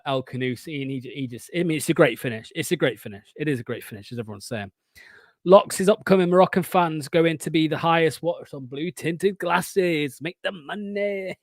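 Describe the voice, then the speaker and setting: A man, hosting a fan watchalong stream and giving excitable, sweary live match commentary. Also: a little high, no echo.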